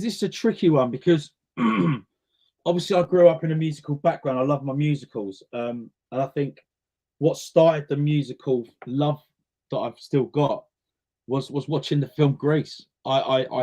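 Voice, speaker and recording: A chatty man, answering interview questions in a relaxed, storytelling way. His voice sits at a middling pitch for a man, and he often repeats a word or two while he gathers his thoughts. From North West London. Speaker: interview guest, singer and actor. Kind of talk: casual interview chat.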